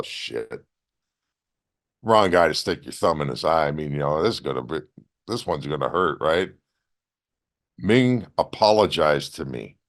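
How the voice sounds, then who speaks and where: Low-voiced man telling blunt war stories. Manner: animated storytelling with blunt profanity. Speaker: guest, former wrestler. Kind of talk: casual storytelling interview.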